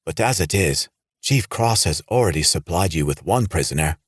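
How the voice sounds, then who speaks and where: Guy doing a calm reasonable geologist, low steady voice, dry. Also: slightly rough, no echo. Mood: reasoning. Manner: measured, reasoning. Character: calm diplomatic male geologist.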